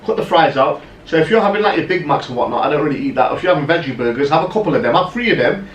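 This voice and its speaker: A man co-hosting a podcast, telling stories in casual, animated chat full of "right?" asides. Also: fairly high pitch, racing, recorded from a distance, highs cut off. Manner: animated storyteller, lots of "right?" and "yeah?" asides. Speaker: podcast co-host. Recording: roomy echo, off-mic, faint noise.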